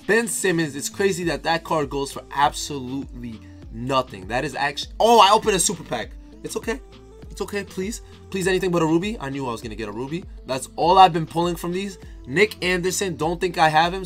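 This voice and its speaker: A man's voice: on the high side, a bit bright. A man giving casual, hyped commentary while opening packs in a video game, talking straight to his viewers and repeating phrases. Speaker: gaming YouTuber.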